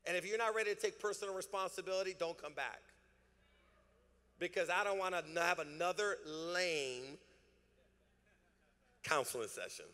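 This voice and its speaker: A male pastor preaching a sermon, prompting the congregation to repeat after him and swinging between emphatic peaks and quiet asides. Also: sits high, normal speed, long pauses. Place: church sanctuary. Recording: reverberant hall.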